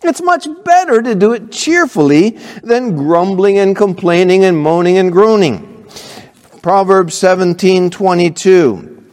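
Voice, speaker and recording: A man preaching a sermon as pastor, animated and acting out little scenes between kids and parents. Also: sits high, a little slow, in a large hall.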